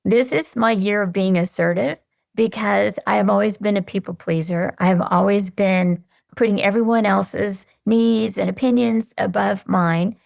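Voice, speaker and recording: A woman guest on a podcast, answering in an earnest, measured, reflective way. Her voice has strong vocal fry throughout and sits in a middle register. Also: medium pitch, steady tone, a little mellow.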